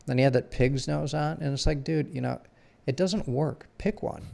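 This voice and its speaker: A man co-hosting a podcast in casual chat, opinionated and deliberate, often restarting his sentences. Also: medium pitch, gravelly, a little mellow. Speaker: podcast co-host.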